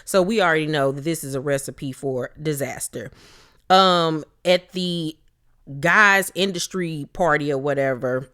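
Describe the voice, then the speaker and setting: A woman's voice: deep voice, unhurried, fairly bright tone, smooth. A woman casually recapping a reality show, blunt and profane, slipping into quoted voices as she retells scenes.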